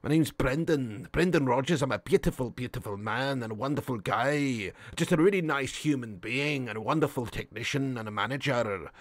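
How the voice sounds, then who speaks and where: A man putting on a smug, soft-spoken football manager who praises himself in a low, smooth voice. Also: normal speed, hardly any pauses, dry recording, lightly acted.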